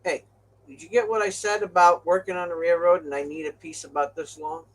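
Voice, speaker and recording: An older man casually telling trucking stories to his viewers, animated, swearing now and then and laughing along. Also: on the high side, fairly quick. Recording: distant from the mic.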